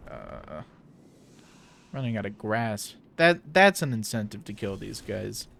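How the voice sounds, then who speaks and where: A South Dakota man with a Midwestern American accent rambles loosely while streaming a game. His lowish, gravelly voice is slow, with big pitch swings, and there's slight background noise.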